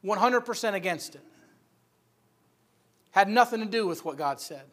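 Male preacher, high voice, emphatic sermon delivery. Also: animated, moderate pace. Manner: emphatic, rising loud for key points.

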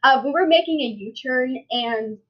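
A woman's voice: high-pitched, moderate pace. A young woman hosting a casual podcast, telling rambling stories full of fillers and restarts. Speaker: podcast host. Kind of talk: casual chat. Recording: dull lo-fi sound.

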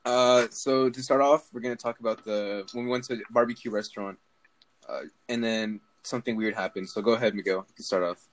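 A young man hosting a casual podcast chat, loud and profane, laughing through his banter. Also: mid-range voice, steady tone, a little fast, low-quality recording. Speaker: podcast host.

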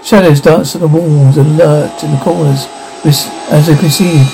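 A man narrating a story aloud in a steady reading manner, with small slips. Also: on the high side, moderate pace, creaky, noisy background.

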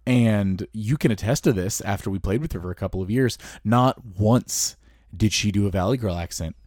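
A man's voice: fairly low pitch, moderate pace, a little mellow, dry recording, clean studio sound. Chatty, laughing podcast co-host man. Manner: laughing, storytelling. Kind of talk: casual chat.

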